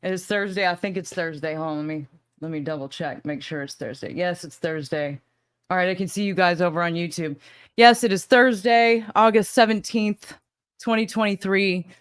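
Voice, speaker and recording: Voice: medium pitch, fairly even intonation, moderate pace, fairly bright tone, clean tone, no echo. A livestream host with a slight Southern US accent, chatting casually and rambling while greeting viewers by name. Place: home in Arizona.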